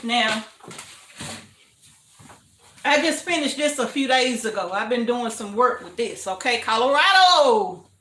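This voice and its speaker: In an echoey kitchen, an older homestead livestreamer keeps up a chatty, easygoing conversation, welcoming viewers warmly and breaking into frequent laughter. She speaks slowly in a high, bright, expressive voice.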